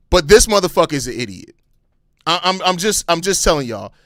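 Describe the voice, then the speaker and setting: A man's voice: fairly high pitch, brisk, dry recording, studio quality. A man hosting a sports podcast live, giving impassioned, heavily profane fan commentary. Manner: calmer, apologetic stretches between outbursts.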